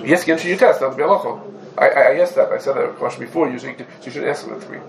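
A man's voice: medium pitch, fast talker, creaky, noisy background. A man teaching a religious law class to students, laying out cases through rhetorical questions and Hebrew terms mixed into English. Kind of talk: Talmudic law lesson.

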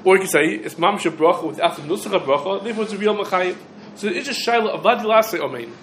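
Animated man teaching a Torah class. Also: sits high, quick pace, slight background noise. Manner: animated, asks and answers his own questions. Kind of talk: halacha class lecture. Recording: echoey room with faint ambience.

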